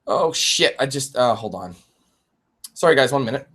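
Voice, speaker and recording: A man in his twenties chatting on a live-streamed Q&A, animated, swearing and laughing often. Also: medium pitch, normal speed. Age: 20s. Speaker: YouTube gamer and streamer.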